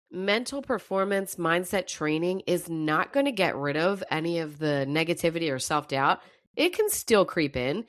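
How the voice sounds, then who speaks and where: Fired up and emphatic, a woman coach with a fairly low, slightly scratchy voice delivers a motivational talk as a mental performance coach. The recording is studio quality, without echo.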